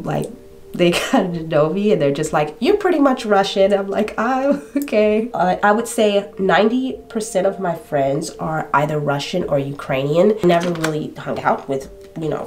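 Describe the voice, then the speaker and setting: A woman's voice: sits low, darkish tone, a little hiss or hum. A young woman casually retelling a true crime story, chatty and digressive, full of asides and talking straight to viewers. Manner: talks straight to viewers, addressing them directly.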